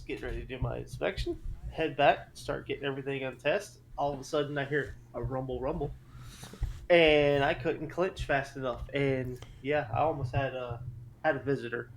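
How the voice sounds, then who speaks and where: A man's voice: mid-range voice, a little slow, slight background noise. A man co-hosting a podcast, telling funny work stories in casual chat and laughing as he goes. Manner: laughs through his stories. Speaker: podcast co-host. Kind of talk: casual storytelling.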